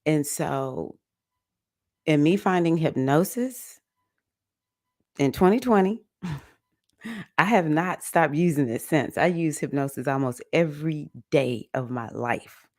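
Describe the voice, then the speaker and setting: A woman's voice: deep voice, takes it slowly, pauses often, no echo, clean studio sound. A woman, a young-adult livestream host and mindfulness teacher, chatting casually with viewers, laughing often and rambling through fillers. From United States. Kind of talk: casual chat reading viewer comments.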